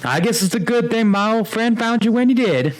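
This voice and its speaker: Giant friendly lumberjack, booming and hearty, pitched way up, put on by a man. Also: lively intonation, a little fast, faint music behind.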